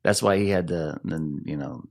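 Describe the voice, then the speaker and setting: A middle-aged man from Arizona, a rock singer, telling animated stories in a casual interview and laughing often. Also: a bass voice, moderate pace, vocal fry.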